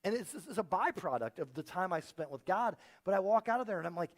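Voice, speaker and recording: Man, pastor, sermon, animated storytelling, high voice, lively swings in pitch. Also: a little fast, hardly any pauses. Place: church auditorium.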